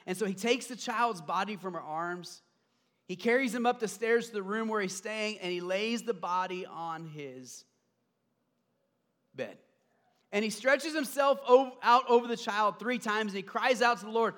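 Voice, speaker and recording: A male pastor preaching a sermon, swinging from hushed, low passages to loud, emphatic calls. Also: normal speed. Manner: acts out quoted voices while retelling a story.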